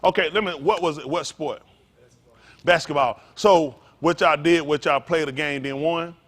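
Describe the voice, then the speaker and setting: High animated preacher man. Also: normal speed. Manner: animated, calls out to the congregation, folksy vernacular. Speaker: pastor. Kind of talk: interactive sermon.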